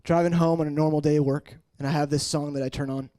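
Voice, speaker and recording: A man in his late twenties preaching an emotional personal testimony, shifting between hushed murmurs and raised, intense passages. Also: little pitch movement, fast talker. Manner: earnest, swinging from hushed murmurs to raised, high-pitched intensity.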